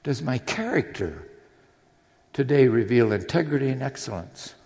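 A man's voice: mid-range voice, lively intonation, moderate pace, gravelly, darkish tone. A man preaching a sermon in a church, earnest and personal, with readings from scripture. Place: church sanctuary. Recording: long hall reverb.

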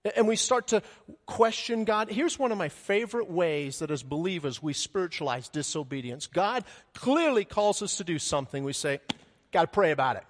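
A man preaching a sermon as pastor, animated, with sudden loud high bursts and quick acted asides. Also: long reverb tail.

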